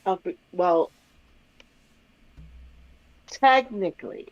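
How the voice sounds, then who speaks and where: A woman's voice: mid-range voice, very slow. A woman from Puerto Rico with a Puerto Rican accent, co-hosting a livestream in sassy, teasing casual chat. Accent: Puerto Rican Spanish. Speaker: livestream co-host. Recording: slightly dull stream audio.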